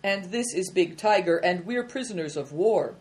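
A woman voicing Christian, a careful, quick-witted thirteen-year-old boy, in a storybook reading. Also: on the low side, animated, darkish tone, lightly acted. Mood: wary. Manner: prompt, wary questions.

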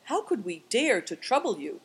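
A woman's voice: medium pitch, big pitch swings, normal speed, husky, voice pushed up, heavily acted. A woman reading aloud voices an impudent, easily alarmed young man. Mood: cheeky.

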